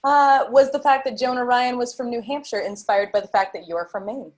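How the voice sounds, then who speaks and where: A woman's voice: on the high side, fairly even intonation, fairly quick. A woman moderating a livestream Q&A, reading out audience questions plainly with brief fillers.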